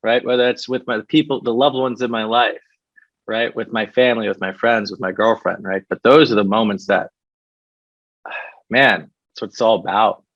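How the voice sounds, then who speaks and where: A man's voice: lowish voice, steady tone, moderate pace, dry recording. A middle-aged man from New York, a coach talking reflectively as a podcast guest and often tagging "right?" onto his points. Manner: reflective, keeps adding "right?". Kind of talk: casual podcast interview. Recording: dull, dry podcast sound.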